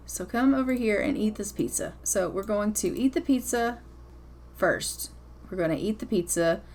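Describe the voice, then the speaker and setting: A woman's voice: mid-range voice, a little hiss or hum. A woman giving casual, blunt, chatty commentary while playing a life-simulation game, swearing now and then. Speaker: gameplay commentator.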